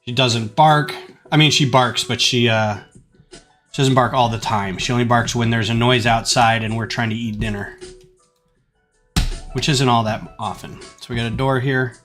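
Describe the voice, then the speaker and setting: A man's voice: mid-range voice, steady tone, normal speed, a bit bright. A man chatting casually at home while building a kit on a live stream, rambling with plenty of fillers. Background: faint music.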